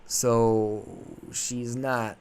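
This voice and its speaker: Male podcast host, animated, rambling retelling of a myth. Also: mid-range voice, very slow, over a noisy crowd. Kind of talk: casual storytelling chat.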